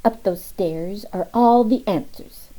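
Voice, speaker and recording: A woman's voice: medium pitch, slow, warm tone, poor audio. A woman voicing an earnest, lisping little boy of about three in an audiobook. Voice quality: lisping childish speech.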